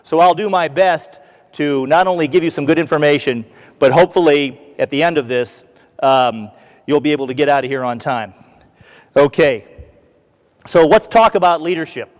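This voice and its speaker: An American man giving a conference talk as a keynote speaker, an animated storyteller who acts out what the crowd shouts. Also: fairly high pitch, normal speed, long reverb tail. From United States. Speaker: keynote speaker, retired army colonel. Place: large conference hall.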